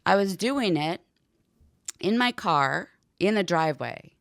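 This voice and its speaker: Low-voiced woman telling a story. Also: measured pace, vocal fry, no echo, studio quality. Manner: animated, heavy use of "like" and swearing. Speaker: podcast guest. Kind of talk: casual storytelling. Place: podcast studio.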